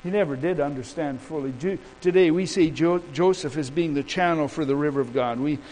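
A high-pitched male pastor preaching a sermon with fervor, piling up repeated declarations. Between the big declarations he slips into a casual, storytelling way of talking. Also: brisk, darkish tone, a little hiss or hum, rough recording.

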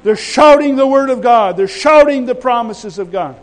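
A man with a high-pitched voice preaches a sermon. He rambles in a folksy way, trips over his words and restarts, then swells into loud, emphatic declarations. His delivery mixes homely asides with bold exhortation. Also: moderate pace, low-quality recording.

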